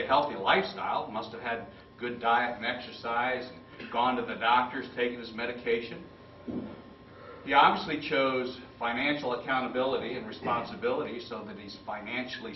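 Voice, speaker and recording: A man in his fifties giving a storytelling speech at a club meeting, acting out the quotes with lively turns. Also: mid-range voice, slight background noise. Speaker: club speaker. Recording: roomy, distant, dull lo-fi.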